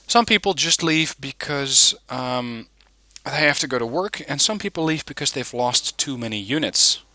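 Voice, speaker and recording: A man hosting a gaming channel, giving relaxed, chatty commentary on a game replay with frequent ums. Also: medium pitch, moderate pace, dry recording.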